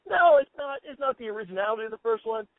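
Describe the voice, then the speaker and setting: Excitable man on a tinny line. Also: extremely high pitch, no echo. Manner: excited, quick to quote lines. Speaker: podcast co-host. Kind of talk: casual chat. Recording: tinny phone-like sound, dry.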